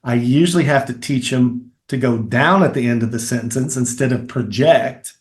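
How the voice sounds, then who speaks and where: A middle-aged man with a Kentucky accent talks through acting tips in an interview. He is animated and hands-on, repeating phrases to demonstrate, at an even, ordinary pitch. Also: moderate pace. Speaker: filmmaker and acting teacher, guest. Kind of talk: conversational interview.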